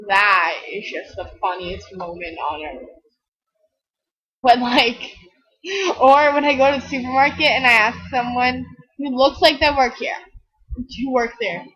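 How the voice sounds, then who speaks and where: Sitting high and a bit bright, this teenage girl's voice comes through a low-quality recording at a slightly slow pace. As a gaming video creator, she rambles casually over gameplay, giggling, somewhat tired from lack of sleep, and imitating the people she quotes.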